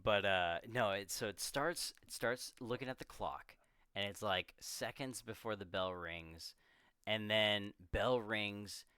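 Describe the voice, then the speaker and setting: A young man co-hosting a casual movie discussion, rambling and swearing freely as he acts out scenes in quick voices. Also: fairly low pitch, sharp tone, smooth, no echo, studio quality. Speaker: podcast co-host.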